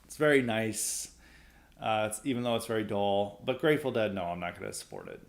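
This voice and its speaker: A man's voice: lowish voice, big pitch swings, brisk, creaky. A young adult man hosting a solo opinion podcast, sarcastic and blunt, laughing often as he rants. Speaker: podcast host.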